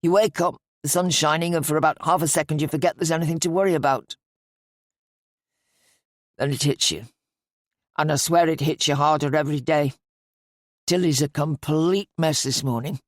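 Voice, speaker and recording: A weary, grieving father of middle years, his voice sunk low and short-tempered, as a woman reader puts him on. He snaps and mumbles rather than talks, each phrase clipped and tired. The sound is close and dry, with no room around it. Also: fairly even intonation, moderate pace, pauses often, dry recording, lightly acted. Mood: weary, irritable.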